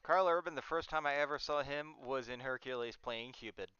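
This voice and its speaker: A man's voice: medium pitch, brisk, pushed and bright, clean tone, dry recording, dull audio. A man chatting casually during a watch-along reaction stream. He laughs often and trails off and restarts.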